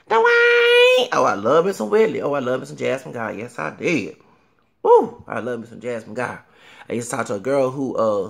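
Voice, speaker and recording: Man, thirties, gravelly and bright, loose excitable solo commentary from a small room. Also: mid-range voice. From Southern US. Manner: animated, breaks into singing and exclamations. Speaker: vlogger.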